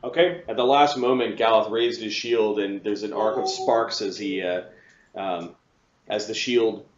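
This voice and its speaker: A man narrating as game master of a tabletop game at a table with players, pausing often with ums and restarts. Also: fairly low pitch, steady tone, reverberant, dull audio, crowd noise. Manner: halting, frequent restarts and ums. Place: room with several players around a table.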